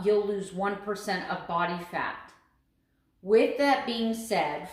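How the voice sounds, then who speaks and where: Earnest woman vlogging in an echoey room. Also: mid-range voice. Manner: earnest, emphatic, repeats phrases for emphasis. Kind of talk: casual vlog talk to camera.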